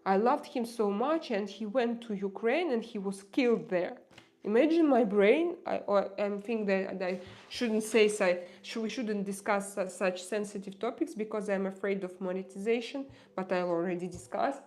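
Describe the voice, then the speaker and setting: A woman with a Russian accent, a non-native English speaker, chatting casually with viewers on her livestream, often pausing and restarting as she searches for words. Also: medium pitch, darkish tone. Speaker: livestream host.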